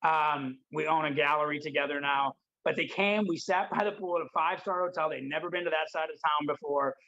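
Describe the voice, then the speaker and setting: A man's voice: a little high, quick pace. A middle-aged man from Detroit, a guest telling a story with energy on an unedited livestream and acting out the dialogue. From Detroit, United States. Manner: energetic, excitable, acts out dialogue. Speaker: interview guest. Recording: dull lo-fi livestream audio.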